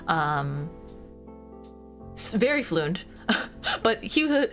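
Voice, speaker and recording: A woman's voice: mid-range voice, very animated, takes it slowly, pauses often, fairly bright tone, faint music behind. A young American woman streaming casual chat, bubbly and giggly, with lots of fillers. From United States.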